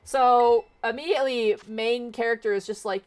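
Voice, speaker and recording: A woman's voice: lowish voice, expressive, normal speed. A woman streamer casually retelling a book, chatty and rambling, with plenty of swearing. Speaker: VTuber streamer.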